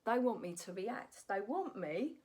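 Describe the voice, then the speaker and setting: A woman's voice: medium pitch, unhurried. Blunt woman telling her story. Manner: blunt, animated storytelling with frequent "right?" tag questions. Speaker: stand-up comic and actress. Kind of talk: candid personal story to a phone camera. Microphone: phone camera.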